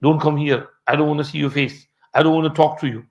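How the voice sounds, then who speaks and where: Guy doing an offended old aunt, stern, short sharp no's. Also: fairly high pitch, fairly even intonation, fast talker, lo-fi sound, close to an everyday voice. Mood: indignant. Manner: indignant, clipped refusals. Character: aggrieved elderly aunt, stern and hurt.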